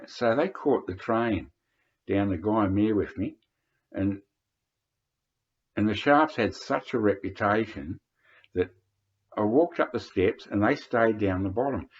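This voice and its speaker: A man's voice: lowish voice, a little mellow. An older Australian man telling rambling anecdotes, hesitant, with many fillers and restarts. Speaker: vlogger reminiscing. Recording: dull lo-fi recording.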